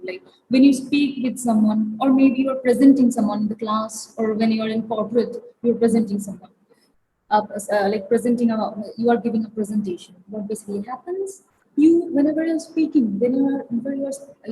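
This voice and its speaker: Trainer, female, halting webinar delivery with a mellow, fairly high voice over a faint hiss. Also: rough recording. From India. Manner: halting, many fillers and restarts. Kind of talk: online lecture.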